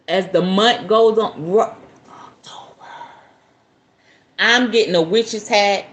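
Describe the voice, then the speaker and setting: Speaking slowly in a mid-range voice, this spiritual podcast host keeps things casual with her listeners, reads passages from a book and laughs a lot. Her delivery is expressive and aimed directly at viewers.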